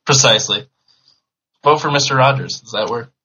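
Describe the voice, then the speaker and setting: A man's voice: mid-range voice, moderate pace, sharp tone, husky, muffled recording. A man on a podcast panel, talking with offhand, mocking humor. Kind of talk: casual podcast banter.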